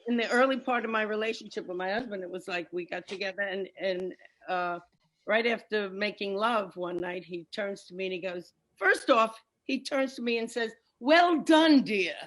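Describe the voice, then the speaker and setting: A woman's voice: medium pitch, normal speed, a bit bright. Brash middle-aged woman doing stand-up. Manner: brash, punchy storytelling. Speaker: stand-up comedian. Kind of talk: stand-up comedy set. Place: home, on a video call. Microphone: computer mic on a video call. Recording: noisy video call audio.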